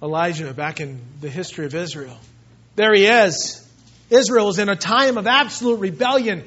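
Male preacher, high voice, emphatic then hushed, on a dull lo-fi recording. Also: moderate pace. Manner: emphatic, swings between loud and hushed. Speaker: pastor. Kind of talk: expository sermon reading scripture. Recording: muffled, dull lo-fi sound.

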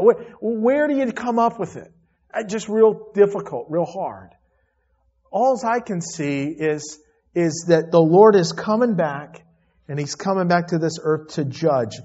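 A man's voice: on the high side, a little mellow, muffled recording. A man preaching a sermon to his church, earnest and emphatic, often repeating himself and restarting phrases. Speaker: pastor.

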